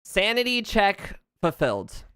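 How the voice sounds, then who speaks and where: A streamer from the United States rants and jokes through casual gameplay chat. Pitch leaps up and down, and the voice stays smooth and clear. The sound is dry and close on a streaming mic. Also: measured pace, no echo. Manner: animated, jokey, ranting, laughs often. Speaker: VTuber streamer.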